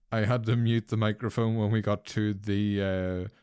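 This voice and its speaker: A man's voice: fairly low pitch, level tone, unhurried, a little mellow, clean tone. A man hosting a podcast in casual, jokey chat, swearing freely and laughing often. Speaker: podcast host.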